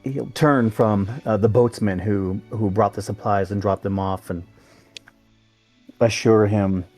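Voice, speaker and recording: A man's voice: lowish voice, fairly even intonation, measured pace, a little mellow, soft background music. A man playing a tabletop game, narrating his character's actions hesitantly. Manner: hesitant, with many fillers.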